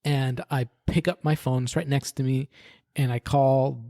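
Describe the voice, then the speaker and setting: A man's voice: medium pitch, fairly even intonation, unhurried, gravelly, mellow, no echo, clean studio sound. A man, a podcast guest, earnestly tells his personal faith story in conversation, often restarting sentences and adding "right?".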